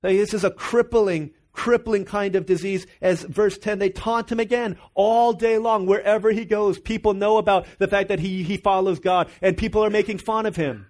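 A man's voice: high-pitched, fairly even intonation, moderate pace, few pauses, a little mellow. A man preaching a sermon, earnest and emphatic, asking the congregation rhetorical questions. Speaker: pastor.

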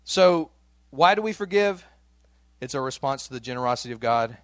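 A male pastor gives a Sunday sermon in a relaxed, conversational way, breaking into lively voiced quotes when he reads scripture. His voice sits at an ordinary middle pitch. The sound is dry and close, with little room echo. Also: moderate pace.

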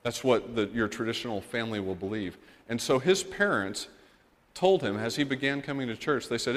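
A man's voice: medium pitch, brisk. A man from the United States preaching a sermon, telling a story earnestly and building to emphatic points. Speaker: missionary preacher. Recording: long reverb of a church hall.

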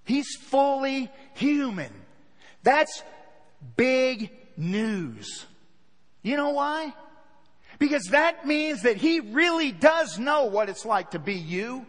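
High-voiced preaching man in a reverberant hall. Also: slow. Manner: animated preaching, acting out scenes in hushed asides. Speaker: pastor. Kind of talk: sermon.

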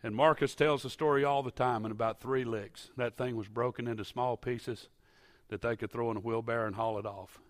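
A man preaching a sermon in a church, telling stories and at times rising to loud, impassioned shouting. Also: medium pitch, fairly even intonation, brisk. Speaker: pastor.

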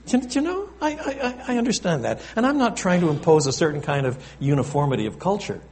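A man preaching a sermon in a lively, conversational style, often turning to the congregation with little asides. His voice sits slightly high and rises and falls a great deal. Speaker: pastor.

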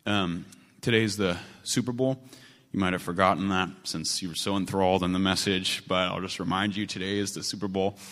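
A man with a fairly low voice delivers a sermon as pastor, speaking in an earnest, conversational manner. His words ring out with a long reverb, as if in a large church sanctuary. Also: steady tone, brisk, fairly bright tone.

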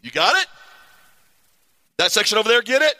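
A man preaching a sermon, animated and calling on the congregation to respond. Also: high voice, fairly quick, big-room sound. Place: church sanctuary.

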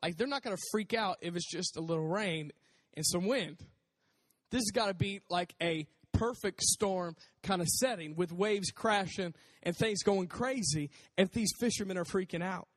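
Male preacher, high-pitched and conversational; casual sermon in a reverberant hall. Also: moderate pace. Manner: conversational, animated, acts out voices.

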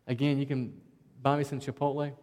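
A man's voice: mid-range voice, flat delivery, a little fast, darkish tone, big-room sound. A male pastor with a Southwest Virginia country twang, preaching in a folksy, conversational way and often calling the listeners "man.". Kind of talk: sermon.

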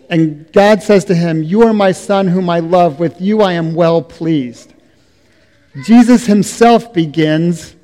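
A middle-aged male pastor delivers a sermon at a very unhurried pace, drawing out each phrase and letting it fade quietly. His voice sits a touch high for a man. The sound carries a long reverb, like a church hall. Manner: slow, deliberate preaching with soft trailing endings.

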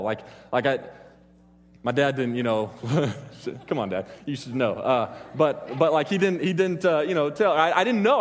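A man giving a sermon to a live audience, rambling through personal stories and stopping often to restart and joke. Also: fairly high pitch. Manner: rambling, self-interrupting, joking with the crowd. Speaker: preacher. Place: church hall with an audience. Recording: long hall reverb.

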